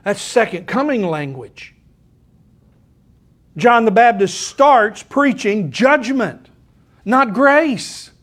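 An older pastor delivers a sermon in a notably high voice. He talks to the congregation casually, then reads scripture with rising emphasis. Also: lively intonation, slow, pauses often, fairly bright tone. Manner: conversational preaching that swells into emphatic scripture reading.

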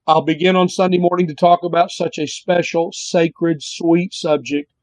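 A man's voice: a little high, flat delivery, normal speed, darkish tone, no room sound, low-quality recording. A man preaching a sermon as pastor, earnest and repetitive, stretching out key words for emphasis.

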